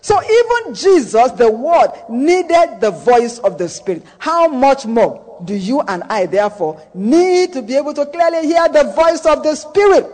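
In a long church-hall reverb, a pastor delivers his sermon slowly and deliberately, his very high voice rising and falling in a lively, swooping melody. He pronounces blessings on his listeners and keeps repeating key phrases to drive them home.

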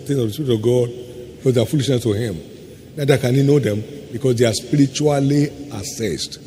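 A man preaching a sermon as pastor, emphatic, trading quick asides for slow, stressed words. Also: mid-range voice, warm tone. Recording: faint hum in a long-reverb hall.

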